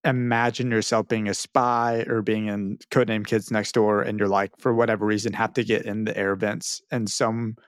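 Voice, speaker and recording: A man co-hosting a podcast, talking in an animated, rambling way with laughs. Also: lowish voice, moderate pace, hardly any pauses, clear, resonant tone, no room sound, studio quality. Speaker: podcast co-host. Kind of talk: casual chat.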